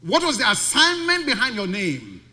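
A man's voice: very high-pitched, wildly swooping pitch, moderate pace, sharp tone. A male pastor preaching a sermon, emphatic and full of rhetorical questions. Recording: long reverb of a large hall.

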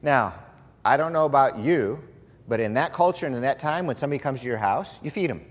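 A man preaching a sermon as a pastor, telling stories with humor and lively emphasis. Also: mid-range voice, brisk, big-room sound. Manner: animated, humorous storytelling preacher.

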